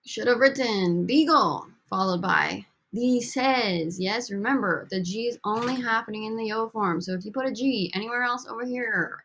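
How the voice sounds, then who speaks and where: A woman's voice: a little high, normal speed, a bit bright. A woman teaching a recorded language lesson over slides, upbeat and coaxing as she drills students with prompts. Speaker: Spanish teacher.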